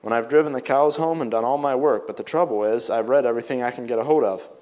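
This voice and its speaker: A man voicing a poor, hardworking farm boy in a read-aloud story, answering plainly and quickly. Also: medium pitch, a little mellow, lightly acted.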